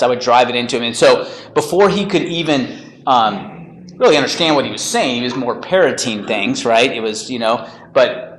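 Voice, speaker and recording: A man's voice: mid-range voice, lively intonation, moderate pace. A man coaching a group session, upbeat and chatty, often laughing and checking in with "right?". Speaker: real estate coach leading a group session. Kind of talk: energetic group coaching talk. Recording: roomy meeting room.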